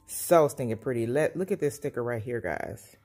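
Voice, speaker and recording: A woman's voice: extremely low pitch, animated, normal speed, darkish tone, husky, soft background music. A woman gushing through a casual sticker book review for her planner channel at home. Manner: gushing, enthusiastic, repeats praise. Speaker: planner vlogger.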